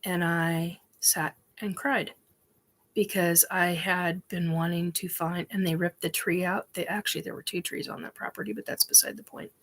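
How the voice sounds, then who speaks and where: With a lowish, fairly bright voice, steady in tone and at normal speed, this host rambles emphatically through a personal story on her show, full of ums and restarts, swearing casually along the way.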